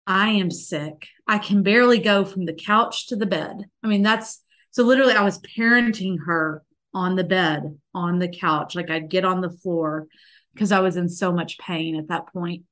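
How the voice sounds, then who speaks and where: A woman's voice: lowish voice, normal speed, fairly bright tone. A woman in her thirties, a podcast guest, telling a personal story in an earnest, tender way, with many "like" fillers. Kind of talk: heartfelt conversational storytelling.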